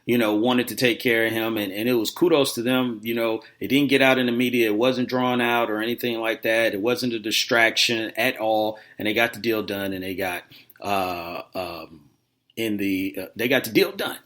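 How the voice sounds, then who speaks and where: A man hosting a sports talk show, rambling and animated, with lots of fillers and restarts. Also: on the low side, normal speed. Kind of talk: casual sports radio talk.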